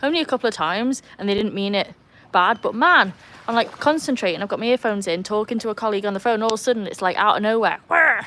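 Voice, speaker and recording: A woman's voice: mid-range voice, fast talker, a bit bright, slight background noise. A woman chatting casually on a livestream, rambling on tangents and reading out viewer comments. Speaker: livestream host.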